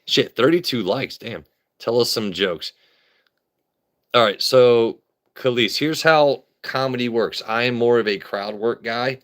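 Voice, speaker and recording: A man's voice: mid-range voice, a little slow, fairly bright tone. A man hosting a casual comedy livestream, rambling and riffing with stammered restarts. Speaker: livestream host.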